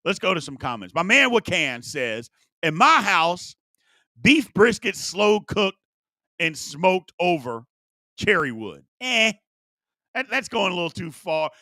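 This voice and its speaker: A man's voice: high voice, measured pace, dry recording, clean studio sound. A man hosting a live-streamed talk show, chatting playfully with viewers and repeating his points for emphasis. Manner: animated, repetitive, playful asides. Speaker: sports talk show host.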